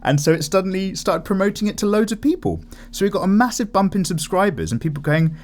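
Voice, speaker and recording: A young man hosting an art channel, rambling and animated in casual chat while drawing. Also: on the high side, fast. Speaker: YouTube art channel host.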